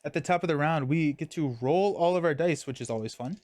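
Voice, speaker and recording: A man's voice: fairly high pitch, brisk, a little mellow, no room sound. A young man casually streaming a card game, talking through his moves and chatting with viewers. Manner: chatty, reads chat and thanks viewers mid-game.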